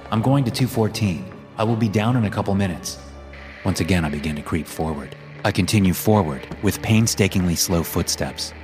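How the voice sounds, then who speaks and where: A man narrating a first-person horror story in a slow, measured, suspenseful way, as the host of his own story channel. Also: low-pitched.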